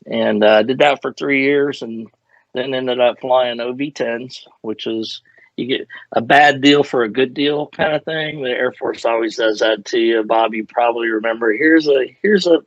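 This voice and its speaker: This older former fighter pilot speaks at normal speed in a mid-range voice, wandering through stories in a casual interview and poking fun at himself. The audio is dry, muffled and lo-fi.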